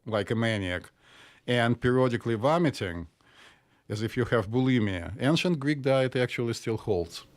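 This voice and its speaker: Middle-aged man from the former Soviet Union, psychiatrist co-host; dry, deadpan humor, slightly formal phrasing, mid-range voice. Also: medium pitch, moderate pace. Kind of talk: casual chat.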